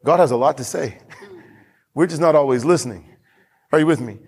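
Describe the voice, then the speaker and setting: A male pastor delivering a sermon to his church, pressing each point home by repeating it. His voice sits somewhat high for a man, and he moves between plain talk and reading scripture aloud. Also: normal speed, darkish tone, breathy edge. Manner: emphatic preacher, repeats lines, reads scripture aloud.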